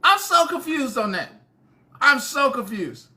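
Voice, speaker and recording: A woman's voice: sits high, very animated, measured pace, sharp tone. A woman hosting a casual livestream, reacting with laughter and bewildered repeated questions. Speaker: livestream host.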